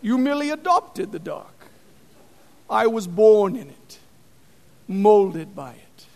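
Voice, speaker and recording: A man doing an impression of a menacing male villain born in darkness, with a slow, low, threatening delivery. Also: very animated, gravelly, darkish tone, heavily acted. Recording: long reverb of a large hall.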